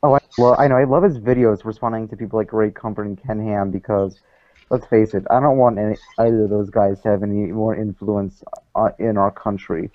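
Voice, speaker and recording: A man chatting casually with friends in a group video call, joking around, from his dark bedroom. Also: on the low side, fairly even intonation, brisk, dry recording, highs cut off. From Arizona. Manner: joking, mock preacher voice. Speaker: hangout participant.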